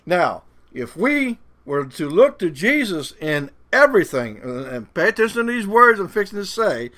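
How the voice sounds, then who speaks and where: A man with a Cajun accent preaching a sermon, earnest and rising to fervent emphasis on slowed, drawn-out phrases. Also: high-pitched, big pitch swings, bright, forceful tone.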